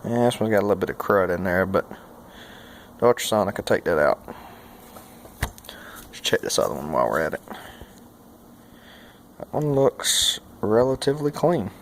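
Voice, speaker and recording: A man's voice: on the low side, sing-song, moderate pace, vocal fry, pauses often, slight background noise. Folksy man explaining repairs. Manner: casual, folksy, thinks aloud with many fillers. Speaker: mechanic and channel host. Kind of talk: hands-on repair tutorial.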